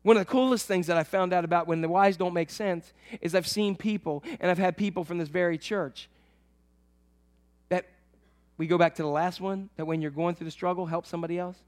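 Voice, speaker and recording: A man preaching a sermon to his church, swinging between loud emphatic lines and soft, low asides. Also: steady tone, brisk. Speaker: pastor.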